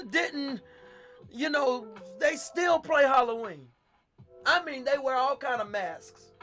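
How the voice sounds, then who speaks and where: A male pastor, telling a story in a sermon, animated and swinging between loud and hushed. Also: very high-pitched.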